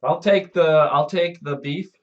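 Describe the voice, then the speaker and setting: A man co-hosting a casual live stream, joking and riffing quickly. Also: a little high, steady tone, highs cut off, noisy background. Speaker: co-host.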